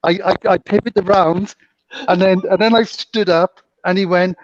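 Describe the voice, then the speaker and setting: A man in his fifties telling stories in a casual chat, animated and laughing often. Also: high voice, moderate pace, dry recording, dull audio. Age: 50s.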